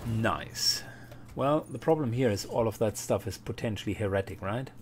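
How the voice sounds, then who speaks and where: A man gives relaxed let's play commentary, thinking aloud as he plays. His voice sits low, with a faint hiss in the background. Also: normal speed. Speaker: gaming channel host.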